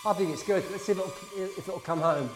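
A man talks in a casual, excitable way, quick to poke fun at himself. His voice sits a little on the high side for a man. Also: music in the background. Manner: chatty, excitable, self-deprecating. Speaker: tech show co-host testing a drone. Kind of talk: casual chat.

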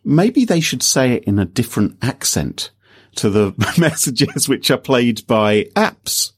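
A man's voice: medium pitch, sing-song, a little slow, slightly rough. A man co-hosting a casual tech podcast, with jokey, playful asides. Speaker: podcast co-host.

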